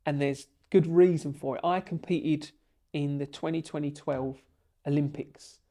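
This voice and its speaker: A man, a guest on a podcast, telling long stories in an animated and emotional way. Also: a little high, a little slow. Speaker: podcast guest, bricklaying tutor. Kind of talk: storytelling in a podcast interview.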